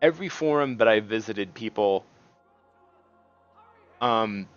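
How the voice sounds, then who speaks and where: A man chatting casually while he plays a game, his speech halting and full of restarts, breaking into curses at the screen. His pitch swings widely. The recording is a little muffled, with faint game music underneath. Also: expressive, smooth, no echo. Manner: rambling, halting, many restarts; swears in bursts at the game. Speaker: gaming video host.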